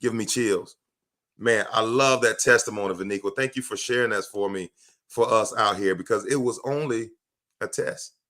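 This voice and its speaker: A man giving a live motivational talk, emphatic and preachy, repeating his lines for effect and breaking into loud bursts of fervor. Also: on the low side, moderate pace. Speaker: motivational speaker. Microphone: livestream microphone.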